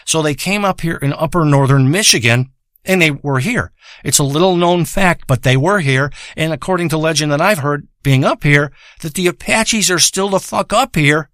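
A man with a somewhat high voice holds forth in a rambling, foul-mouthed comic monologue. He swears freely and drifts from point to point, losing track of himself along the way. The sound is close and dry, with no room around it. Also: normal speed, a bit bright, no room sound. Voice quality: profane, rambling, loses his thread. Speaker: storyteller. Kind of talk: rambling crude comedic monologue. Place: home in a rural area.

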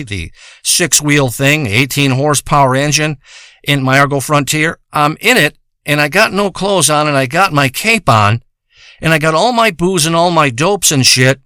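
A man's voice: a little high, sharp tone, dry recording, studio quality. A man telling a rambling, profane comic monologue, wandering from one tangent to the next. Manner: profane, rambling, meandering storytelling.

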